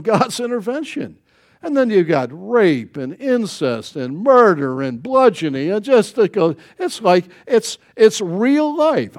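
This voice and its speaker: A man's voice: high voice, a little mellow. A man preaching a sermon to a congregation, folksy and conversational, with joking asides and rhetorical questions. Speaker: pastor.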